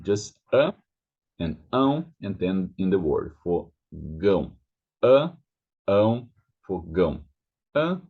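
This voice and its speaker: A man with a Brazilian Portuguese accent teaching pronunciation, repeating each word over and over with drawn-out vowels. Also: low voice, mellow, lo-fi sound. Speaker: language teacher. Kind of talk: pronunciation lesson.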